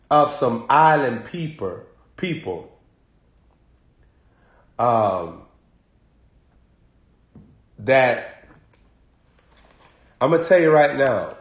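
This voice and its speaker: A man preaching in a humorous, animated way, laughing often and making rhythmic sound effects. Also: on the high side, roomy sound. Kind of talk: humorous live-streamed preaching.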